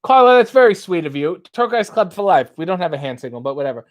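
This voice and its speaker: A middle-aged man hosting a relaxed live stream, chatting as he reads comments aloud. His voice sits fairly high for a man and moves a lot, jumping up and down in pitch. He gives the limericks a playful sing-song lift. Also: fast talker. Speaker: host. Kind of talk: casual live-stream chat reading comments.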